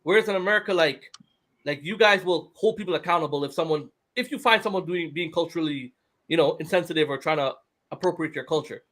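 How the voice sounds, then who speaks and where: Podcast co-host, man with a high voice who talks animatedly. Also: quick pace. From Toronto, Canada. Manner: animated, repeats words when starting a thought. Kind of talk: casual chat.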